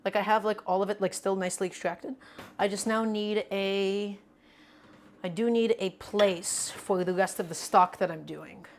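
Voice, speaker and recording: A woman's voice: mid-range voice, steady tone, moderate pace, a little hiss or hum. A woman streaming live while cooking, chatting to her viewers and hamming up her small annoyances for laughs. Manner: mock-dramatic grumbling, playful.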